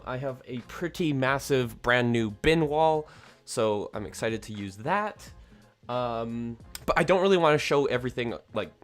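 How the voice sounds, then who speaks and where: A man's voice: medium pitch, fairly bright tone. A man hosting a casual livestream, rambling with lots of fillers and self-corrections from a somewhat echoey room at home. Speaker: livestream host.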